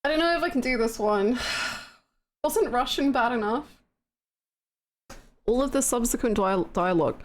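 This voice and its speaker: A woman's voice: on the high side, expressive, normal speed, pauses often. A woman streaming a video game live, chatting to viewers in a giggly, self-mocking way. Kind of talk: live gameplay commentary.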